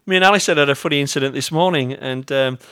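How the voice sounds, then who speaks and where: A man's voice: mid-range voice, fast talker, a bit bright, smooth, dry recording, clean studio sound. A man with an English accent preaching a sermon as pastor. He tells stories with self-mocking humour and talks directly to his congregation.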